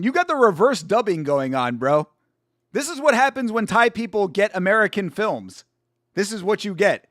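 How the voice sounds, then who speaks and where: A young man hosting a casual live watch-along stream, chatty and excitable, full of slang and swearing. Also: high-pitched, no echo, clean studio sound. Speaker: stream host.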